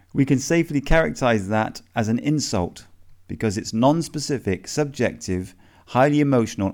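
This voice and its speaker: A man reading a self-help lesson aloud in a measured, methodical question-and-answer way. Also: mid-range voice, darkish tone.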